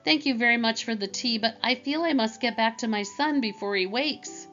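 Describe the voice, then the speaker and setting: A woman's voice: a little high, moderate pace, pitched above the performer's own voice, natural voice. A woman reading aloud, voicing a plucky, polite mother shrew in a storybook. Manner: polite, plucky and sharp-tongued. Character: brisk, bold mother shrew. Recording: dull lo-fi with faint music.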